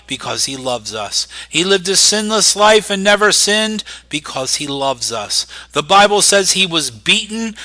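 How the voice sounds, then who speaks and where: A male preacher delivering a sermon with a bright, forceful voice that sits a little high for a man. He talks emphatically, rising loud and high on key words, then dropping low and soft. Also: sing-song, a little slow, few pauses.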